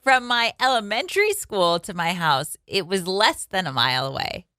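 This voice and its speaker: A woman's voice: medium pitch, very animated, moderate pace, pushed and bright, no room sound, clean studio sound. A woman in her forties co-hosting a morning radio show, teasing her co-host and laughing often. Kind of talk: casual on-air banter.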